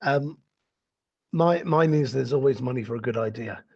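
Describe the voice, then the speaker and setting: A man interviewing a coach, asking questions in a halting way as he searches for his words. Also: mid-range voice, gravelly, a little mellow, husky. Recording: dull lo-fi recording.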